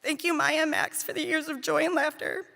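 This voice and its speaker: Woman, high voice, gravelly, memorial speech, tender and fond, long hall reverb. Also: fairly even intonation, a little fast, bright, forceful tone. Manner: heartfelt, tender, fond storytelling. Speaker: nanny giving a eulogy. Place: large theater hall.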